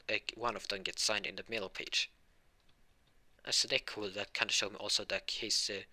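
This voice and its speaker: Rambling man, low voice. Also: bright, forceful tone. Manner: rambling, full of fillers and self-corrections. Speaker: storyteller. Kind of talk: casual spoken fan-fiction retelling.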